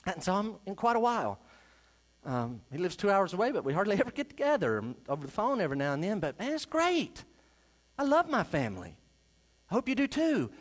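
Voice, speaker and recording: A male pastor preaching a sermon, swinging between loud emphasis and quiet asides. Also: high-pitched.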